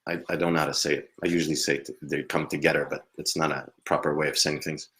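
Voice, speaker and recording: A man working as a psychic medium, giving a live reading in a hesitant, halting way with frequent laughs. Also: very deep voice, level tone, a bit bright.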